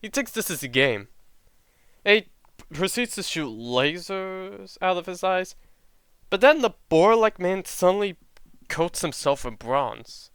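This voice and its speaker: A man's voice: high voice, very animated, measured pace, a bit bright, clear, resonant tone, no echo. A young man casually telling a made-up fan story, jokey and swearing now and then.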